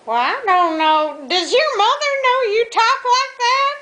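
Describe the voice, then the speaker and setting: Squeaky old granny on a prank call, cusses a ton, slow rambling drawl, bright piercing voice. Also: animated, exaggerated voice, rough recording. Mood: crude, pushy. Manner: cussing, rambling, folksy drawl.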